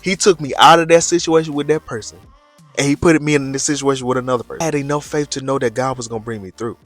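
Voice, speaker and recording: A man's voice: mid-range voice, steady tone, quick pace, fairly bright tone, no echo, faint music behind. A young man, talking loosely in a casual vlog and reflecting on faith with preacher-like emphasis. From Birmingham, Alabama, USA. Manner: loose and chatty, repeats phrases, preacher-like emphasis. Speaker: faith vlogger.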